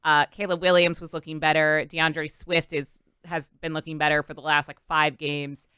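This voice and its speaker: A woman's voice: sits low, flat delivery, normal speed, pushed and bright, clean tone, dry recording, studio quality. A woman co-hosting a sports talk show, confident and opinionated, with many fillers. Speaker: sports radio co-host. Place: Philadelphia radio studio.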